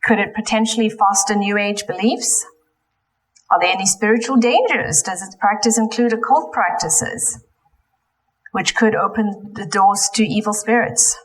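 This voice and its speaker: A woman's voice: mid-range voice, rough recording. A woman giving a lecture in a church, speaking with frequent ums and self-corrections. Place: church hall.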